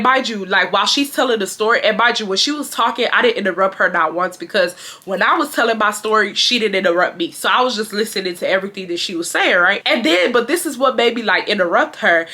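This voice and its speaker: Bright-voiced young woman telling a story. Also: mid-range voice. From Houston, Texas. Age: 20s. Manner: animated, slangy, swears freely. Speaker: storytime vlogger. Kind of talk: casual storytime chat.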